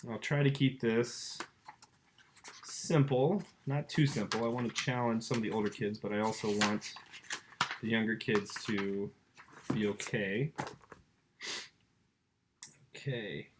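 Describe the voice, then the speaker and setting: A man's voice: fairly low pitch, steady tone, measured pace, pauses often, noisy background. A man teaching a casual lesson, talking straight to the kids and their parents with eager enthusiasm. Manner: enthusiastic, chatty, addresses the kids directly. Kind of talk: informal home-school lesson.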